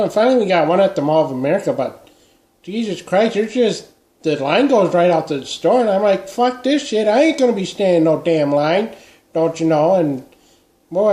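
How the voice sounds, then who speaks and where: A man's voice: fairly high pitch, warm tone, close to an everyday voice. A man playing a middle-aged Minnesotan who rambles while drinking beer, speaking with a Minnesota accent. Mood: chatty. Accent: Upper Midwest (Minnesota). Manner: rambling, meandering, trails off. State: tipsy from beer. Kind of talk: comedy character vlog. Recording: echoey room.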